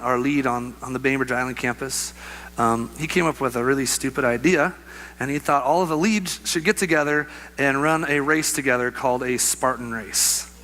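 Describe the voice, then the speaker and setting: A young adult man preaching a sermon, telling a personal story with lively acted-out voices and laughter. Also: a little high. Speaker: pastor.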